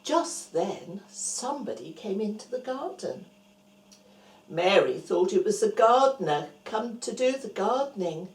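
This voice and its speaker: A woman telling a Bible story to young children, dropping to hushed whispers and rising to bright exclamations. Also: mid-range voice, sing-song, measured pace, roomy sound.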